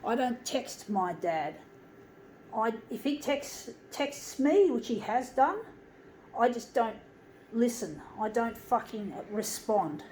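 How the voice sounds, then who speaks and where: Aussie woman venting on her vlog, lots of swearing, keeps saying folks, bit of a higher voice, faint noise behind. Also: expressive, takes it slowly, a little mellow, poor audio. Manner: heavy swearing, addresses viewers as folks. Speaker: vlogger. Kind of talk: angry personal rant to viewers.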